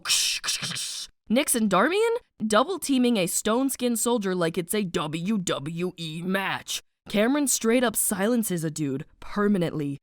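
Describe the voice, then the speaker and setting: A woman narrating a snarky animated book summary, playful and sarcastic, with slang asides and spoken sound effects. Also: mid-range voice, dry recording, studio quality.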